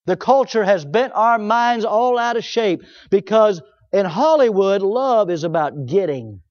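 A man preaches a sermon in a high voice, firing rhetorical questions at his listeners and voicing the excuses of imagined objectors. The recording sounds dull and lo-fi. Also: expressive, unhurried, few pauses, darkish tone.

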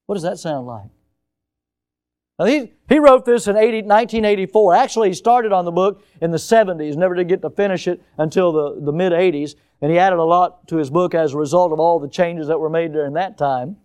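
A male pastor preaching a sermon with emphatic swings in loudness and pace, now and then putting on mocking high voices. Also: fairly quick, clean tone.

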